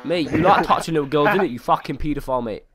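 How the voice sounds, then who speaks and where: A man's voice: fairly high pitch, very fast, a bit bright, natural voice. A man voicing a brash young male London chav troll in game voice chat, taunting and repeating slang tags with a put-on London street accent. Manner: taunting, repeating "mate" and "innit".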